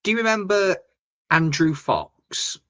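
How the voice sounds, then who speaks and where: A man's voice: high voice, very animated, a little slow, bright, forceful tone. A man, co-hosting a podcast in a chatty, rambling football chat full of restarts and tag questions. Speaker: podcast co-host.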